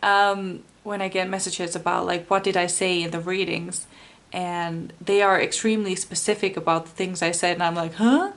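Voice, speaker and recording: A woman's voice: lowish voice, flat delivery, normal speed, a bit bright. A woman from Finland with a Finnish accent, chatting casually as a tarot reader, rambling and laughing often. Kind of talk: casual chat.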